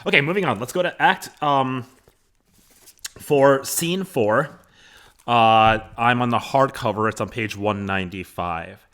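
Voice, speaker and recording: A man's voice: mid-range voice, unhurried, fairly bright tone. A man teaching a lesson, walking students through a play. He talks in a chatty way, with lots of fillers and asides, and records into a microphone. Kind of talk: recorded class lesson, reading a play aloud.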